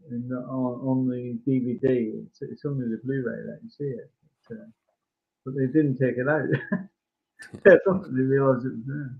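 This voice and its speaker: A man co-hosting a podcast, chatting casually about an old film, full of halting restarts and fillers. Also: mid-range voice. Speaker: podcast co-host. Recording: tinny phone-like line.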